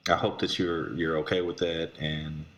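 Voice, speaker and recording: A man hesitantly offering kind words on a video call, halting and full of "you know" and "uh". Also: a bass voice, little pitch movement, a bit bright, a little hiss or hum. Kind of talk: casual supportive remarks.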